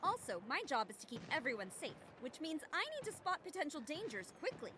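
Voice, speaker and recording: An actress voicing a proud, watchful security officer in a video game. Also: female voice, sits high, big pitch swings, fairly quick, background noise. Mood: proud, welcoming. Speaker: game character. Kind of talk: game voice acting.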